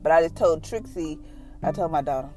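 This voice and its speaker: A middle-aged woman hosting a devotional podcast, talking casually and earnestly and telling her own story in an animated, conversational way. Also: sits low, brisk, faint music behind. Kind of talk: casual devotional talk and personal testimony.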